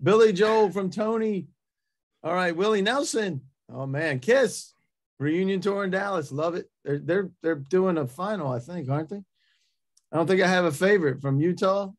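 A man hosting a webinar in a casual, upbeat way, reading out audience messages with quick asides over a video call. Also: sits high. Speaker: webinar host.

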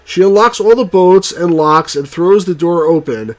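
A man reviewing a text game, reading its story aloud in a halting way and stopping to correct himself. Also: sits high, a little mellow. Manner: halting, stumbles and rereads words.

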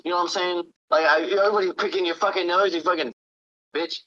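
A man's voice: sits high, steady tone, fast talker, sharp tone, dull audio. A man ranting angrily at friends in a gaming voice chat, swearing and repeating "bro". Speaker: gamer friend. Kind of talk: angry rant in voice chat.

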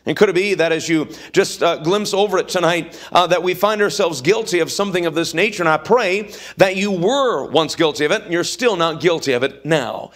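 A man's voice: sits high, brisk, hardly any pauses, fairly bright tone. A man preaching a revival sermon in a church, with an emphatic, repetitive cadence. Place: church sanctuary.

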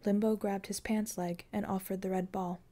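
A woman narrating an audiobook chapter in a warm, mellow voice. She tells the story in a calm, even, scripted way at a mid pitch. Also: normal speed.

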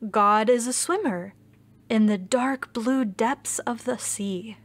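A woman reading the part of a fish from the deep sea, slow and dreamy.

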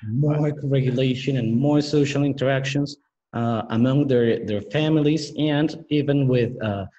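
A man with a Mexican Spanish accent hosting an interview, speaking hesitantly and politely with frequent pauses. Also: medium pitch, dark tone, dull audio, slight background noise. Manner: hesitant, many fillers and restarts, polite. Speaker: interview host. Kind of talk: interview conversation.

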